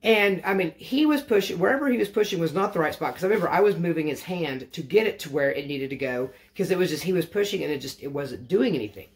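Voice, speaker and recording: A man's voice: fairly high pitch, animated, quick pace, few pauses. A man telling a casual storytime to his vlog audience, rambling and correcting himself as he goes, wry and matter-of-fact. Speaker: vlogger.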